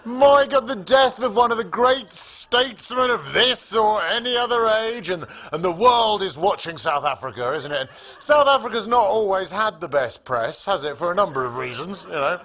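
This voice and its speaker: A man's voice: sits high, animated, moderate pace, few pauses, pushed and bright. A man doing a stand-up comedy set on a club stage, telling stories in a wry, sardonic way with plenty of swearing.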